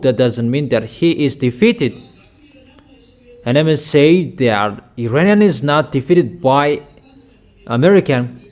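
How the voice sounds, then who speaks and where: Slow, high-voiced male preacher. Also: a little mellow. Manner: slow, emphatic prophetic declarations. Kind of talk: sermon.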